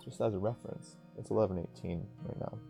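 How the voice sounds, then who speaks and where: A man's voice: on the low side, fast talker, vocal fry, mellow, soft background music. A tired man giving casual commentary over a game playthrough, recorded on an earbud mic. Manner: tired, offhand. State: sleepy, yawning.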